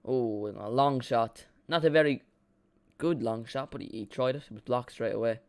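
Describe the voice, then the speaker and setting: A man gives loose, excitable play-by-play of a football match while chatting to his stream, often poking fun at himself. His voice comes across smooth and clear, at an ordinary pitch, recorded dry and close with no room around it. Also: moderate pace, no echo. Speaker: live watchalong streamer. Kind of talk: casual play-by-play commentary.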